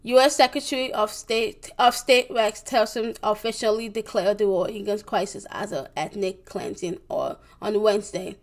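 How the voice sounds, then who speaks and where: A young woman giving a presentation, reading from her notes haltingly, with many restarts, corrections and fillers. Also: mid-range voice. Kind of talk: reading a school presentation on world events.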